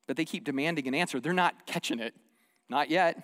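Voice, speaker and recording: Male pastor, high voice, lively sermon delivery, long hall reverb. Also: brisk. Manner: animated, swings from hushed asides to loud dramatic quotes.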